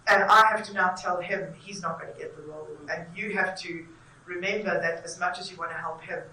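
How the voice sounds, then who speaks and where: A woman's voice: fairly low pitch, fairly even intonation, brisk, sharp tone, a little hiss or hum. A woman interviewing theatre makers, talking effusively and at length. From South Africa. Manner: effusive, talkative. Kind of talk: enthusiastic conversational interview. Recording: echoey room, mic at a distance.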